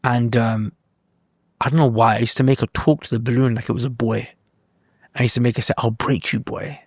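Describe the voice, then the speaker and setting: A man chatting excitedly on a podcast, laughing often as he tells a story. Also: mid-range voice, a little fast, dry recording, studio quality. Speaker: podcast co-host. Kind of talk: casual chat.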